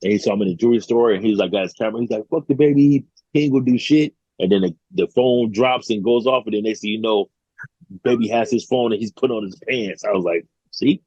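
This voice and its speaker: A young man with a very deep, husky, mellow voice talks in a laid-back, slangy way. The recording sounds dry and a little dull. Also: fairly even intonation, quick pace, dry recording. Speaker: podcast guest. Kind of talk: casual chat.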